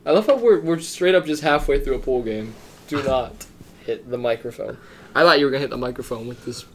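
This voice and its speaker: A man's voice: medium pitch, animated, fairly quick, slight background noise. A young man co-hosting a podcast, teasing and laughing often in casual chat. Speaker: podcast co-host. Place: room with a pool table.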